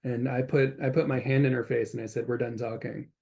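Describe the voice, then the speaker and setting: A man's voice: mid-range voice, fairly even intonation, fast talker, creaky, darkish tone, husky. A man hosting an interview, telling blunt, self-assured stories of his own. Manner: blunt, self-assured anecdotes with short laughs. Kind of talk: casual interview chat.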